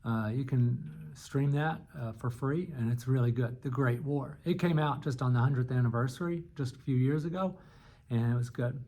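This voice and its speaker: A man lecturing on history in a relaxed, unscripted way. He talks as if chatting with his students and often pauses on "uh" and "um" or restarts a thought partway through. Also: medium pitch. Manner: conversational, many fillers and restarts. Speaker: history teacher.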